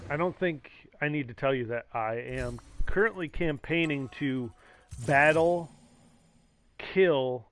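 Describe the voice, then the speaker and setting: A man on a casual gaming stream, rambling and sarcastic, now and then yelling at his teammates. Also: mid-range voice.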